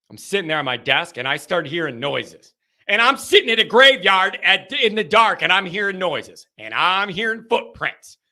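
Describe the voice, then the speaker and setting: A man hosting a live call-in sports show, chatting casually and telling stories in animated, rambling bursts. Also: high voice. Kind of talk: casual live-stream chat and storytelling.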